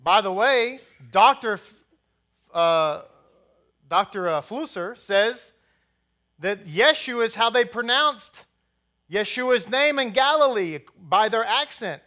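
A man's voice: high voice, animated, slow pace, bright, forceful tone. A man preaching a sermon as rabbi, blunt and rousing, with jokey asides to the congregation.

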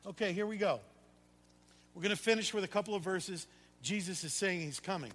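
A high, bright male voice preaching with fervor in a church sanctuary. He swells to ringing declarations and then drops to a hushed, earnest prayer. His voice carries a long reverb from the hall. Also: a little fast. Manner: impassioned preaching, swelling to shouts then dropping to quiet prayer. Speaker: pastor. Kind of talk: sermon.

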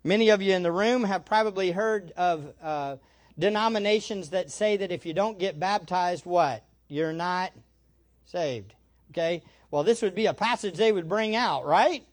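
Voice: mid-range voice, moderate pace. A pastor preaching an expository sermon to a room full of people, emphatic, posing rhetorical questions and answering them. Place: church room with an audience.

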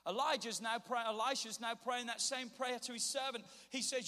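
A man preaching a sermon, telling a scripture story and acting out its scenes with animated voices. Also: very high-pitched, normal speed, few pauses. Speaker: pastor. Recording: long hall reverb.

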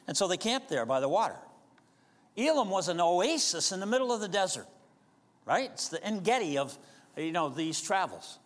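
A pastor preaches a sermon casually and conversationally, often putting questions to his congregation. His voice sits high and is very animated at a normal speed, with a long reverb tail behind it.

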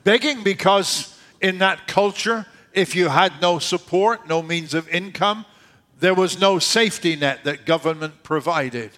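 A man with a high voice preaching a sermon. He talks in a conversational way and often drops low and quiet to land a point. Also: measured pace. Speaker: pastor.

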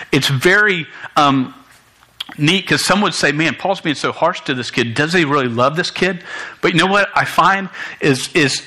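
A young man preaching a sermon to students in a church, animated and stumbling over words, with joking asides. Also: on the high side, rough recording. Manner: animated, many restarts and stammers, jokey asides. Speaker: youth pastor.

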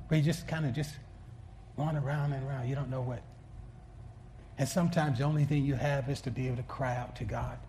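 A male pastor preaching a sermon in an earnest way, often restarting words and swinging between soft asides and emphatic peaks. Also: medium pitch, fairly even intonation, brisk, long pauses, slight background noise.

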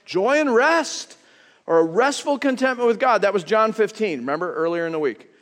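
A middle-aged man preaching a sermon as a pastor, telling stories in a casual way and swinging between quiet asides and loud emphasis. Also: high voice, expressive, quick pace, long reverb tail.

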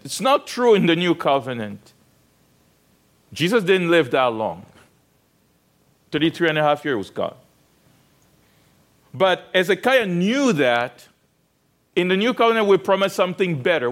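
A man preaching a sermon, retelling a story with rhetorical questions to the congregation and frequent restarts. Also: on the high side. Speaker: pastor.

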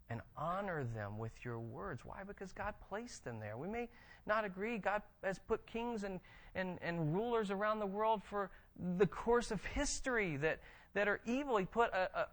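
A man preaching a conversational sermon, reading scripture and explaining it with animated tag questions. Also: high voice, moderate pace. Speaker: pastor.

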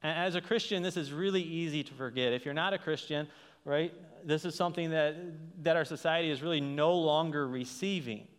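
A man's voice: a little high, a little fast, clear, resonant tone. A man preaches to his congregation, his slightly raised voice carrying through a hall with a long reverb. He talks in a loose, conversational way, stumbling over restarts and checking in with the room with a "right?". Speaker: pastor. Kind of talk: sermon.

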